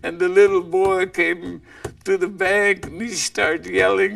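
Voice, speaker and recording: Slow, gravelly male storyteller. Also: sits high, level tone, fairly bright tone. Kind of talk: oral legend telling. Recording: voice distant from the mic.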